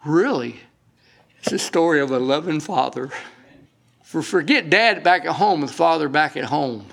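A middle-aged man preaching from the pulpit, his voice gravelly and pitched a little high. He works through scripture with emphasis, breaking off for folksy asides to the congregation. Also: expressive, normal speed, a bit bright. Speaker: pastor. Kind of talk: sermon.

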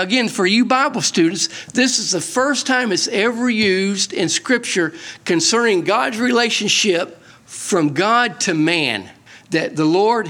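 A man teaching a Bible-study sermon in an animated, emphatic way, often asking his listeners questions. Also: sits high.

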